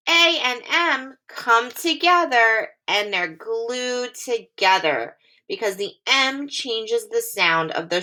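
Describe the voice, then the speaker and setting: A woman teacher giving a phonics lesson to young children, speaking slowly and clearly in a sing-song way. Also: on the high side, sharp tone.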